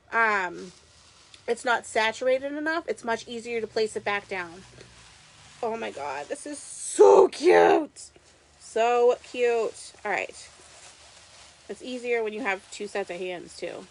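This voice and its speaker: A woman's voice: a little high, fairly bright tone. Chatty woman with a Boston accent. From Massachusetts. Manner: chatty and enthusiastic, talks to viewers while working. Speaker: crafter hosting a live stream. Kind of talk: live craft demo chat.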